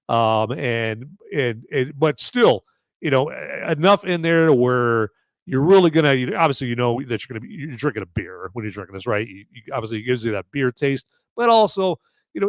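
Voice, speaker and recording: This man's mid-range voice comes through a dry, clean studio recording. He hosts a podcast and offers a laid-back movie and beer review, wandering off track, stuffing in fillers, and tossing out "okay?" again and again.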